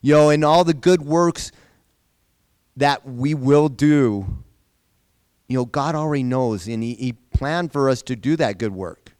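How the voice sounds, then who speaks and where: A male Bible study teacher with a medium-pitched, darkish voice speaks a little slowly in a dry, clean studio recording. He leads an informal group lesson conversationally, repeating phrases and asking the class questions.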